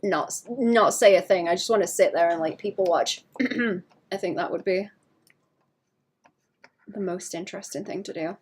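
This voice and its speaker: A woman talks casually to her stream audience while she draws. She speaks softly and wanders from thought to thought, filling gaps with "like" and breaking into light laughs. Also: on the low side, normal speed, long pauses, slightly rough. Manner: soft-spoken, rambling, laughs often, many "like" fillers. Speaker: art streamer. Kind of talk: casual chat while drawing.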